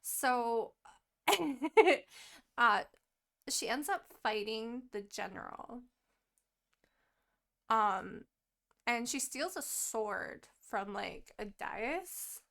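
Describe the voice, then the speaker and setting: A young woman chatting on a podcast, retelling a story with plenty of swearing and quick acted-out quotes. Her voice sits a little high, with a gravelly fry running through it. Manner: animated and profane, acts out quoted characters. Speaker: podcast co-host. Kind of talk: casual chat, retelling a book plot.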